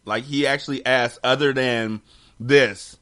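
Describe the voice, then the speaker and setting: A man with a middle-pitched voice talking loosely on a podcast. He is blunt, teasing and profane, and he drifts between wisecracks and commentary. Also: steady tone, a little slow, fairly bright tone. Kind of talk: casual chat.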